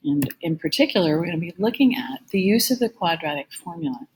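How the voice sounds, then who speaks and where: A woman math teacher giving a recorded lecture with a slightly gravelly voice, explaining each step patiently. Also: on the low side, animated, fast, slight background noise, poor audio.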